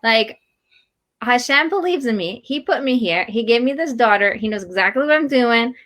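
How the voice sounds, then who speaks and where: Woman, middle-aged, marriage coach, casual interview chat, animated, slightly high voice. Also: normal speed. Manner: animated, acts out quoted voices.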